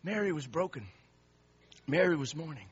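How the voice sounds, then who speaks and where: Husky forceful preacher guy, passionate sermon, dull lo-fi recording. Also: a little high, very animated, moderate pace. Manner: impassioned, emphatic, repeating words. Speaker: pastor.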